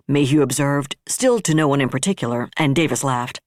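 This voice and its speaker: Steady audiobook narrator, dry sound. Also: mid-range voice, fairly quick, few pauses, no echo. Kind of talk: scripted narration.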